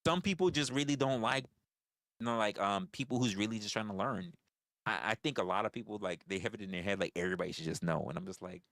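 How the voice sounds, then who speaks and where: A man's voice: fairly low pitch, fast talker, vocal fry, fairly bright tone, dry recording, clean studio sound. A man hosting a livestream in casual chat with viewers, blunt and profane, often stammering and restarting his phrases. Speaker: livestream host.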